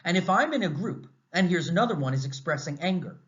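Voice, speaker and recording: An American man lecturing a class in a conversational, animated way, asking lots of rhetorical questions. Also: on the high side, fast talker. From United States. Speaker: university lecturer. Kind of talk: recorded lecture. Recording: slightly dull, muffled audio.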